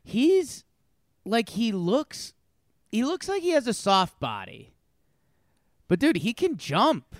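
A man co-hosting a casual podcast over a remote call, talking basketball in a relaxed, hesitant way. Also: extremely high pitch, slow, pauses often, dry recording, studio quality. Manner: relaxed, hesitant, with many fillers. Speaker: podcast co-host.

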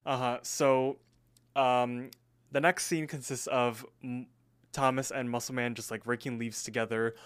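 A man's voice: medium pitch, level tone, a little slow, fairly bright tone, clear, resonant tone. A man co-hosting a podcast, recapping a cartoon episode in a laid-back way, full of "he's all like" quotes. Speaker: podcast co-host.

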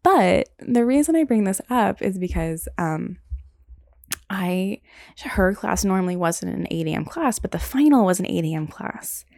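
Give me a young woman podcast host with a warm, dark voice, chatting candidly and profanely, lots of "like". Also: medium pitch, lively intonation, a little slow, vocal fry, no echo, studio quality. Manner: rambling, heavy use of "like", candid and profane. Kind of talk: casual storytelling.

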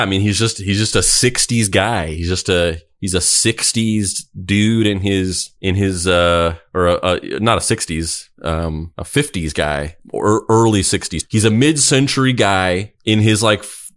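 A man's voice: low-pitched, measured pace, a bit bright. A man co-hosting a podcast, chatting casually and joking with frequent laughter. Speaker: podcast co-host. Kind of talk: casual chat.

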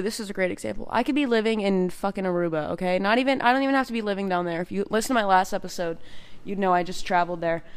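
Speaking straight to her audience in a clean, mid-range voice, this young podcast host, who also teaches cycling, keeps her self-help show upbeat and chatty. Her talk is packed with "like" and "you know" as she encourages listeners.

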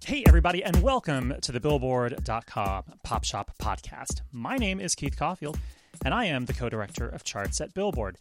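A man's voice: medium pitch, very animated, normal speed. A man co-hosting a music podcast in casual chat, talking with lots of fillers and restarts. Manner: chatty, filler-heavy. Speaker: podcast co-host. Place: remote, on a call line.

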